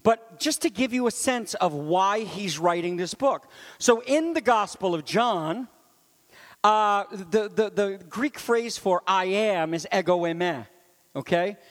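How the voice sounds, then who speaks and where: High-voiced man preaching in an echoing hall. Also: slow pace. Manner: animated, swings from loud to near whisper; conversational asides to the congregation. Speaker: pastor. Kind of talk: sermon.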